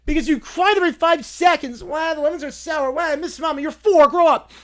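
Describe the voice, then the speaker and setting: A man's voice: extremely high pitch, brisk, a bit bright, pitched above the performer's own voice. A man voicing whiny, spoiled little kids who demand and complain. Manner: whining, demanding.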